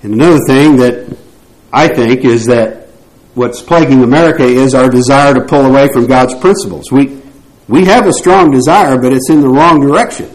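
A man's voice: medium pitch, poor audio. A man teaching a Bible class, posing rhetorical questions to the group and often restarting his phrases.

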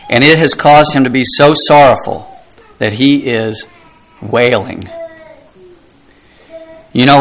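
A man's voice: fairly high pitch, a bit bright, poor audio. A middle-aged man preaching a sermon, earnest and emphatic, asking rhetorical questions and dropping his voice for effect. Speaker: pastor.

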